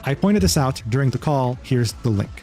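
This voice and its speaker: A man reading out a written document in a rapid, matter-of-fact way. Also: medium pitch, expressive, dark tone, faint music behind.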